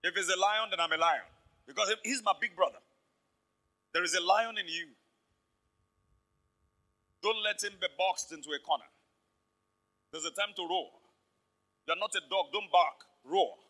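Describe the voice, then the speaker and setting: A man preaching a lively sermon to his church, acting out the voices in his stories. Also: high-pitched, normal speed, pauses often, poor audio. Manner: animated preaching, acts out quoted voices. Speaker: pastor.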